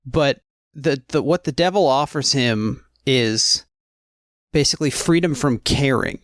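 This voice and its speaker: A man co-hosting a podcast, talking about films in a rambling, halting way with many restarts. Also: mid-range voice, fairly bright tone, no echo, studio quality. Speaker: podcast co-host. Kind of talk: casual film discussion.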